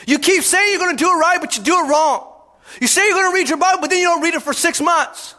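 Impassioned high-voiced male preacher. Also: quick pace. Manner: impassioned, often shouting for emphasis. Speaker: pastor. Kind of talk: sermon.

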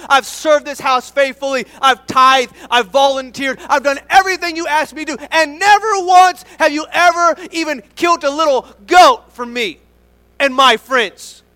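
A man's voice: very high-pitched, pushed and bright, pitched above the performer's own voice. A man preaching, voicing the resentful older brother of a parable, a self-righteous grown son complaining indignantly to his father.

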